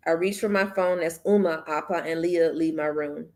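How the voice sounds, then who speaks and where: Woman host, low voice, reads fiction aloud, casual asides to viewers. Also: fairly even intonation, moderate pace, a little mellow. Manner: chatty, slips and restarts, speaks to viewers as y'all. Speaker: book club host.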